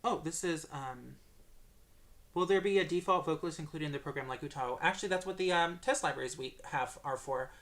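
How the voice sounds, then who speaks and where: A man's voice: on the high side, a little fast, fairly bright tone. A man answering viewer questions on a livestream Q&A, hesitant and full of filler sounds.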